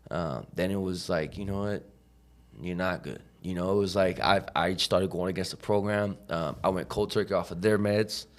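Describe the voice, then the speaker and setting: A man's voice: low-pitched, normal speed. A man, a podcast guest, telling his story in a casual, profane, slangy way, full of "like" and "you know," acting out the people he quotes.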